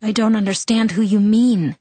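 A woman's voice: mid-range voice, fairly even intonation, moderate pace, warm tone, no echo, pitched above the performer's own voice, lightly acted. Woman voicing a hurt, defiant teenage girl. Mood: upset.

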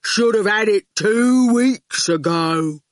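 A woman voicing a big, dim-witted male goon who speaks in slow, clipped bursts. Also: mid-range voice, dry recording, studio quality, pitched above the performer's own voice. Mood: blunt. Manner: slow, flat, clipped speech.

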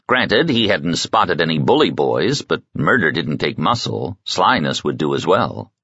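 A man with a very deep voice reads a novel aloud, his pitch rising and falling in lively storytelling. The recording is close and dry, with a slightly dull, muffled tone. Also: a little slow, breathy edge, dry recording. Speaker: audiobook narrator. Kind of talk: scripted audiobook narration.

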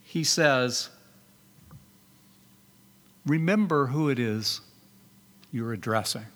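A man with a high voice preaches a sermon to his congregation, stressing key words and asking rhetorical questions. His voice rings with a long reverb, as if it fills a large church hall. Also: fairly bright tone. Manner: rhetorical questions, emphatic repetition, reads scripture aloud. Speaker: pastor.

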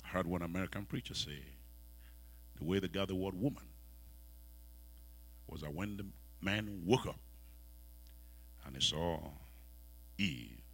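A man with a West African accent preaching a sermon in a church, asking the congregation questions and swinging from soft, quiet lines to loud ones. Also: sits low, slow pace, long pauses, slightly rough. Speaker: pastor.

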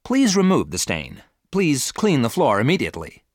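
A man's voice: medium pitch, wildly swooping pitch, normal speed, no echo, clean studio sound, voice pushed up. A man voicing a fussy, firm mother with a raised, commanding voice.

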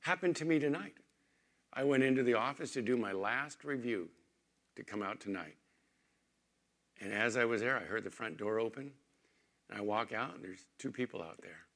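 A man preaching a sermon as pastor, conversational, moving between emphatic points and quiet storytelling in a church. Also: mid-range voice, animated, moderate pace, pauses often.

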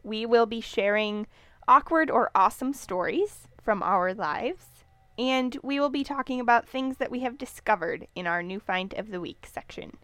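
A woman's voice: a little high, lively intonation, moderate pace, fairly bright tone, no echo. A young woman co-hosting a casual chat show, enthusiastic and playful, reacting eagerly to her friend. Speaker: co-host.

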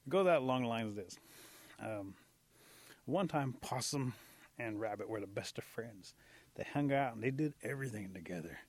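Husky-voiced man telling a folktale. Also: mid-range voice, moderate pace, dry recording. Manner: animated, lingering on key words. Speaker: storyteller. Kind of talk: oral folktale storytelling.

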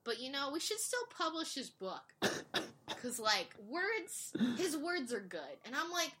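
A woman casually recapping a drama series, animated and quick, acting out the characters' lines. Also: sits high. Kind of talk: casual chat.

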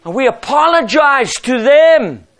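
A man's voice: high-pitched, animated, normal speed, a bit bright. A middle-aged man preaching a sermon as pastor, emphatic and driving his points home with rhetorical questions.

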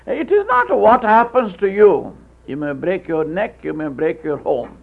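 A man preaching a sermon, with halting restarts, telling stories and acting out voices. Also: high voice, expressive. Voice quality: gravelly, husky. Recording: tinny phone-like old tape.

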